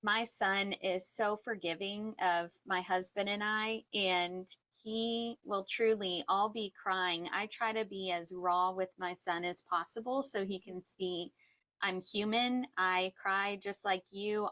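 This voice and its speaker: Thirties woman, co-host, earnest and reflective, casual faith chat, mid pitch. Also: steady tone, takes it slowly, a bit bright. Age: 30s. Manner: earnest, reflective, laughs often. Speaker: podcast co-host.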